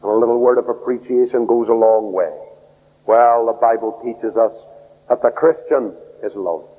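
A man preaching a sermon, swinging between loud raised outbursts and low, soft lines. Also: moderate pace, husky. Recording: tinny phone-like radio broadcast in a hall.

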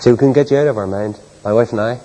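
A man preaching a sermon with great passion, soaring to loud high peaks and then dropping low and quiet, and putting questions to his listeners. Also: rapid-fire, big-room sound, rough recording. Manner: rhetorical questions to the congregation.

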